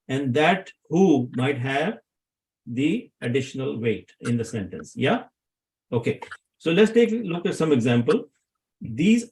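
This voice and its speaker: A man's voice: fairly high pitch, a little mellow, low-quality recording. A man teaching Arabic grammar to a class, often asking his students questions to check they follow.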